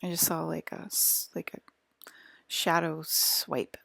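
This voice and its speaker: A woman vlogger talking in a rambling, halting monologue full of restarts and fillers, sometimes dropping to a whisper. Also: deep voice, flat delivery, vocal fry, a bit bright, no room sound.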